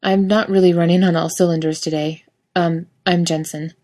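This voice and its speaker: A woman reads as a drowsy young office slacker in a storybook, sheepish and a little groggy. The voice sits on the low side and stays close to her own plain reading. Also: steady tone, normal speed, warm tone, close to an everyday voice.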